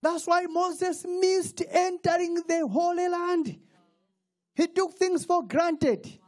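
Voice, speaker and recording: A man's voice: extremely high pitch, slow pace. A man preaching a sermon, calling for responses from the congregation. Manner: animated call-and-response preaching with laughs. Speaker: pastor.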